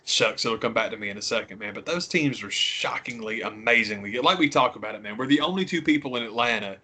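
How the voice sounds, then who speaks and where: A man co-hosting a podcast, talking casually and animatedly, swearing freely and sometimes mimicking people. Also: fast talker. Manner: animated, swears freely, mimics others in high squawky voices. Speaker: podcast co-host. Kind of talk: casual chat.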